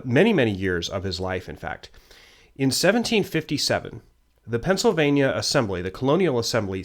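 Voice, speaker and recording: A man teaching a history lesson in a loose, conversational way, pausing often with ums and uhs. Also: lowish voice, a bit bright. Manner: conversational, many ums and uhs, self-deprecating asides. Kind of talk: unscripted history lecture.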